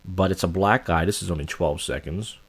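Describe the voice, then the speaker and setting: A man's voice: low voice, brisk. A man hosting a reaction video, giving crude, mocking commentary over clips and often breaking into laughter.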